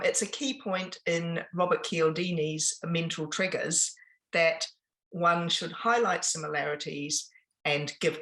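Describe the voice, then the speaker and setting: Bright-voiced woman presenting. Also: fairly low pitch, low-quality recording. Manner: conversational, with frequent ums and restarts. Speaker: business workshop presenter. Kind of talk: informal presentation.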